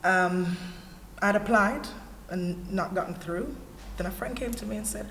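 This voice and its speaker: A woman's voice: mid-range voice, a little slow, vocal fry, slight background noise. A woman with a Jamaican accent giving a candid, earnest personal testimony as a panelist. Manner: earnest storyteller, candid and animated. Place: church hall. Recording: echoey hall with faint ambience.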